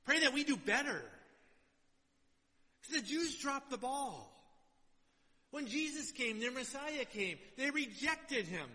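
A man preaching a sermon and reading scripture aloud, swinging between loud exhortation and quiet, low asides, in a church. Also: big pitch swings, slow, pauses often. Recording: long hall reverb.

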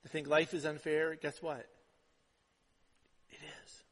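A male pastor preaching a sermon in a conversational way, dropping to hushed asides and rising to loud emphatic lines. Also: fairly high pitch, little pitch movement, takes it slowly. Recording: long hall reverb.

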